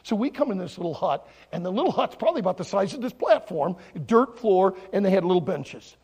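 A male pastor delivers a sermon in a church, spinning a story with a lively, swooping delivery. His voice sits high for a man and has a gravelly, husky edge. He acts out the other people in the story and ranges from near-whispers to loud bursts. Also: fairly quick. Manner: animated storytelling, acting out voices, dropping to soft hushes and rising to shouts. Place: church sanctuary.

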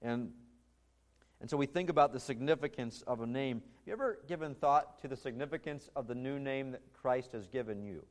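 A man's voice: medium pitch, fairly quick. A man preaching a sermon in an earnest, emphatic way, now and then restarting his phrases as he explains a text. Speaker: pastor.

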